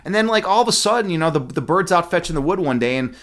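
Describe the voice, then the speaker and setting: Lively, rambling young man streaming. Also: fairly high pitch, quick pace. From Midwestern US. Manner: rambling, profane, joking with chat. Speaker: livestream host. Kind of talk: casual livestream chat.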